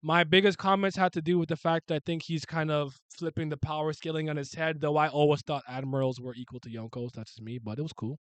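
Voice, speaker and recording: A young man from Canada chatting casually on a live stream, answering comments in an animated way and swearing freely. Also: a little high, fast talker, hardly any pauses, clean tone, dry recording. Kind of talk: casual live reaction chat.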